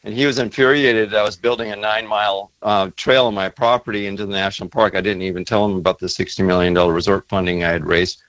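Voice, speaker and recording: A man speaking as a guest author in a casual interview, halting, with many fillers and restarts. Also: lowish voice, fairly even intonation, fairly bright tone, dry recording, low-quality recording.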